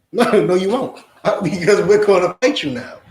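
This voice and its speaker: Blunt and forceful, a man teaching as a Hebrew Israelite delivers a confrontational lesson and keeps driving points home with repeated questions. He speaks in an unhurried, sing-song way, his voice fairly high for a man. It echoes around a reverberant room.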